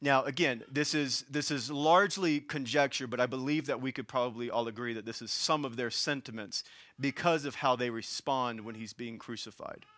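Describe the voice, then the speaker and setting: Bright-voiced Southern preacher, passionate. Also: male voice, medium pitch, moderate pace, no echo, clean studio sound. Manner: impassioned, swinging between hushed and raised delivery. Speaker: pastor. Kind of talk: sermon.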